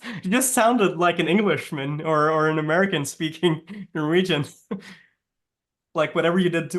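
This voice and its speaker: A man with a fairly high voice talks in a relaxed interview over a video call. He rambles, restarts his sentences and laughs often as he explains things. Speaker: guest, language consultant. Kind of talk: casual interview chat.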